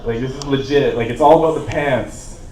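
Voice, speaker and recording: A man's voice: mid-range voice, a little fast, darkish tone. A man in his twenties from Canada doing a stand-up set, laid-back and rambling, with lots of "like" and "uh". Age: 20s. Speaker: stand-up comedian. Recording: roomy echo, voice from a distance.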